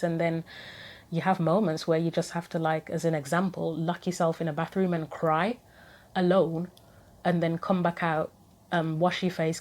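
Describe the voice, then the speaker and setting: A woman giving a casual tarot reading to camera, thinking aloud with frequent pauses, earnest and gently sympathetic. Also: on the low side. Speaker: tarot reader.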